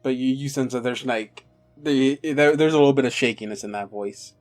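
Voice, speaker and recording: Man, game master, casual and halting. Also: medium pitch, faint music behind. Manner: casual, halting, many restarts. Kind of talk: narrating a tabletop game.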